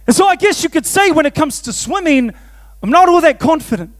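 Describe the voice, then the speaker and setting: A man, preaching a sermon in an animated, self-mocking way and often laughing. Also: very high-pitched, brisk. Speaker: pastor. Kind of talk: storytelling sermon.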